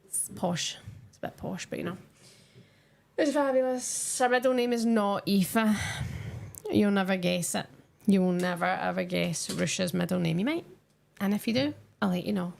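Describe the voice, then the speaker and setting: A woman's voice: mid-range voice, moderate pace, creaky, darkish tone. A young woman chatting casually with her viewers on a live stream while she watches a football match and answers their comments.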